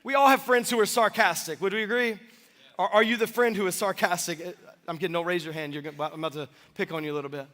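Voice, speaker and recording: A man in his thirties preaches to his congregation with bright, high energy, joking and asking the room questions as he goes. His voice sits high and sharp. The sound carries the long reverb of a church hall. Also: steady tone, quick pace. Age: 30s. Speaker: pastor. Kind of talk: sermon. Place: church sanctuary.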